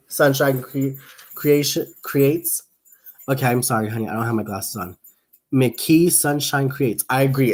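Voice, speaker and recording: A man's voice: on the low side, measured pace, a little mellow. A young man hosting a casual crochet livestream, chatting in a rambling way, reading viewer comments aloud and counting stitches under his breath.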